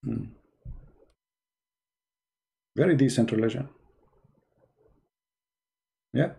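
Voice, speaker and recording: A man delivers loose, sarcastic commentary straight to his audience, wandering from point to point. His voice sits in a mid range with a gravelly, fry-laden edge. It has a dark, mellow tone. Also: medium pitch, measured pace. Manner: sarcastic, rambling, with frequent restarts. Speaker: online commentator. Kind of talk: casual spoken commentary.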